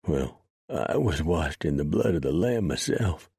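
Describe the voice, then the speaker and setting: A man's voice: very deep voice, expressive, a little slow, vocal fry, warm tone, slightly rough, dry recording, studio quality, pitched above the performer's own voice, exaggerated voice. A man voicing a spiteful, wounded outlaw who sneers and pleads in a raised, whiny voice. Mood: sneering.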